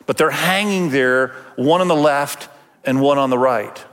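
A man's voice: medium pitch, measured pace, fairly bright tone, in a large hall. A man preaching a sermon as pastor, talking conversationally and acting out quoted voices.

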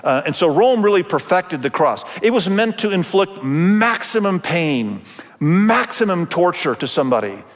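A male pastor delivers a conversational sermon in a church, his voice sitting a bit high for a man. The long reverb of the sanctuary trails after each phrase. He slips into dramatic voices for the people he quotes. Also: very animated, moderate pace.

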